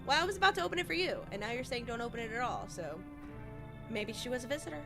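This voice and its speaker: A woman giving gameplay commentary as a streamer, animated, swearing and thinking out loud. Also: fairly high pitch, fast talker, soft background music. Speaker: gaming streamer.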